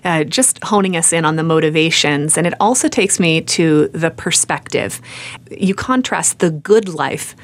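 A woman hosting an interview who muses thoughtfully and responds with warm affirmations. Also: deep voice, moderate pace. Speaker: interview host. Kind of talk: conversational interview.

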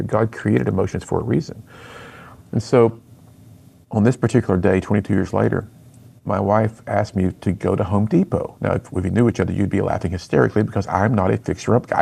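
A man's voice: on the low side, vocal fry, mellow, slightly rough. A middle-aged man, a youth speaker and author, telling his personal story in an interview with earnest storytelling and acted-out dialogue.

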